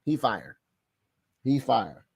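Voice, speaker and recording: A man's voice: mid-range voice, very animated, very slow, husky, dry recording, clean studio sound. A man hosting a live sports podcast, casual and slangy, laughing often and repeating himself for emphasis.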